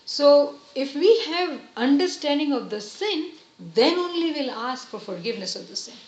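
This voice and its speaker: A woman giving an earnest, gentle religious lesson, explaining each point patiently. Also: sits high, lively intonation, normal speed, slight background noise. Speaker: religious teacher. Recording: roomy, slightly dull recording.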